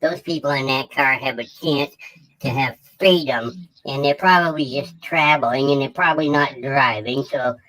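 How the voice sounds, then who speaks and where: A man voicing a pompous, bratty male roadside auditor as a comedic parody voice-over, his voice sped up into a chipmunk pitch. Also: normal speed, pushed and bright, poor audio. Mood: smug. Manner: whiny, self-important, mocking. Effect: sped-up chipmunk pitch shift.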